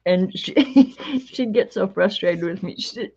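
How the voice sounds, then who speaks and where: A woman's voice: mid-range voice, animated, drawn-out words, long pauses, darkish tone, slightly rough. A woman hosting a craft video, telling rambling stories and laughing often. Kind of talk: chatty storytelling while coloring. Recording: dull lo-fi recording.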